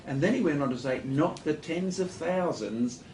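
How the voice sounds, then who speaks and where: A man speaking as a talk-show guest, lecturing in an animated storytelling way with joking asides. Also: a little high, normal speed, echoey room, slight background noise, poor audio. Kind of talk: studio talk show discussion.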